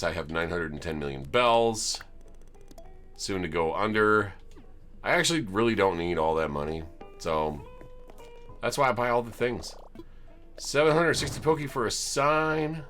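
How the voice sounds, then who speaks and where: His voice is low with a fairly bright tone. He's streaming a life-sim game and touring homes he made, keeping the commentary chatty and amused with frequent chuckles.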